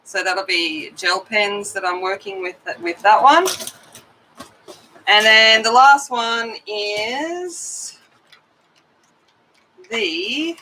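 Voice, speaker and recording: Woman, coloring stream host, casual rambling talk, slow pace, bright tone. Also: mid-range voice, a little hiss or hum, poor audio. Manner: chatty and rambling, greeting viewers by name. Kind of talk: casual live-stream chat.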